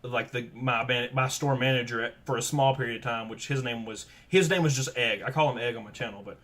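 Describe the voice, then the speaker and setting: A man in his thirties hosting a casual podcast chat, telling stories lively and acting out the people he quotes. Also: mid-range voice, brisk. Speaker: podcast host.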